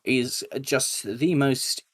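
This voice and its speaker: A man, a YouTuber guest, chatting casually in an interview, telling anecdotes animatedly with sudden high-pitched impressions of other people. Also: fairly even intonation, very slow.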